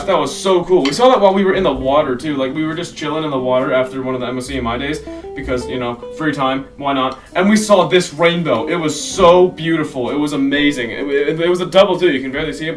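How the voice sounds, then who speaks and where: A man's voice: fairly high pitch, distant mic. Rambling teenage boy vlogging over guitar. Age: teens. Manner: rambling, self-correcting, enthusiastic. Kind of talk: casual vlog recap.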